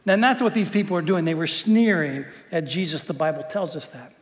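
A man with a notably high voice preaches to his congregation, chatty and quick to joke, and often stumbles back over his own words. The sound rings with the long reverb of a big hall. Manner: conversational and joking, often repeats words. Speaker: pastor. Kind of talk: sermon.

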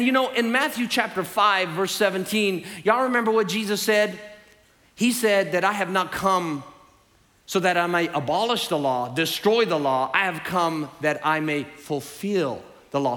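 A man preaching a sermon to a congregation, animated, swinging between loud emphasis and hushed asides. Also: high-pitched. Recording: hall reverb.

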